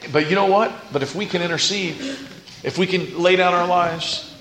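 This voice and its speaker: A man's voice: high-pitched, moderate pace, fairly bright tone, slight background noise. A man preaching a sermon as pastor, earnest, with rising and falling intensity. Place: church sanctuary. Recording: echoey church room.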